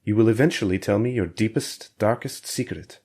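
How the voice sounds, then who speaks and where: A man voicing a calm male interrogator who speaks softly and reassuringly, like a concerned parent. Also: on the low side, moderate pace, husky. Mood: pressing. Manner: soft, reassuring, coaxing.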